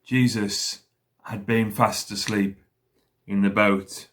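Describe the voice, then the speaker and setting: A man leading school worship, slowly retelling a story for children and pausing to ask them questions. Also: fairly low pitch, level tone, a bit bright.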